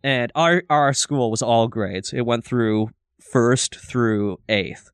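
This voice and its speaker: A man's voice: mid-range voice, slow, clear, resonant tone, no room sound. Male podcast co-host, 30s, loose profane storyteller, dry mic. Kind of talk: casual chat.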